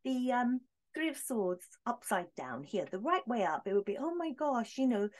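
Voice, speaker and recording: A woman voicing a late male music legend who speaks calmly and forgivingly from heaven, unbothered by insults. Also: on the high side, moderate pace, pitched above the performer's own voice.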